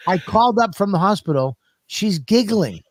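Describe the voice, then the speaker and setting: A man co-hosting a podcast, telling profane, animated stories in casual comedic chat. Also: high-pitched, moderate pace, no echo. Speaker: podcast co-host.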